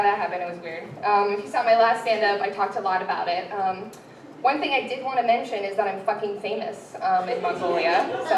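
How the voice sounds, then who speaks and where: A woman's voice: medium pitch, a bit bright. Young woman doing stand-up, rambly and self-deprecating, lots of ums, mic kinda far off in a roomy theater. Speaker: stand-up comedian. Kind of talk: stand-up comedy set. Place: improv theater stage with live audience. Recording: roomy, from far off, crowd and noise.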